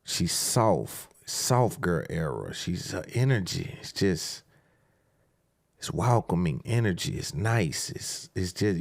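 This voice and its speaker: A man's voice: low voice, darkish tone, no room sound, clean studio sound. A man hosting a podcast in casual solo commentary, laid-back and slangy, rambling with repeated fillers. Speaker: podcast host.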